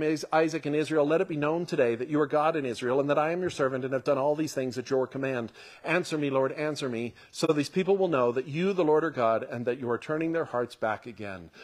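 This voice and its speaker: A man preaching a conversational sermon who reads scripture aloud and comments on it, sometimes dropping to a hush for emphasis and sometimes building with excitement. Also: mid-range voice. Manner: earnest, drops to a hush for emphasis, then swells with excitement.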